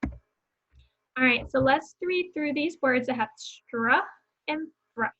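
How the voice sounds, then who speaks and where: Slow, patient woman teaching phonics. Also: sits high, sharp tone, muffled recording. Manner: slow, clearly sounding out words and letters; encouraging, repeats words for students to echo. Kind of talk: phonics lesson for young children.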